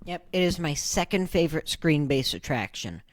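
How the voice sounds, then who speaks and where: A young woman co-hosting a podcast, telling stories in a relaxed casual way, her phrases often trailing off quietly. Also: deep voice, moderate pace. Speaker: podcast co-host. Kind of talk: casual chat.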